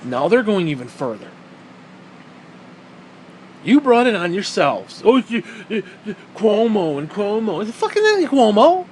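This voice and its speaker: Guy ranting hard, high voice jumping all over, swears nonstop, faint ac hum behind. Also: very animated, measured pace, pauses often, darkish tone, low-quality recording. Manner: heated, sarcastic, swears constantly; mocks others in put-on quoted voices. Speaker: vlogger. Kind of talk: profane ranting monologue.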